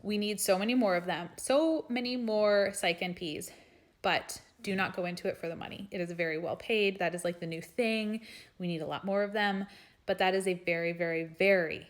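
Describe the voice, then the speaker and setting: A young adult woman who works as a nurse practitioner reads viewers' questions aloud during a live stream and answers them frankly and chattily. Her voice is mid-range at a moderate pace, picked up by a phone or webcam mic.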